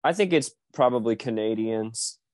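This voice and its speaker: A man's voice: mid-range voice, animated, normal speed, no room sound. Blunt, teasing man, dry close sound. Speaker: podcast guest. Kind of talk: casual banter.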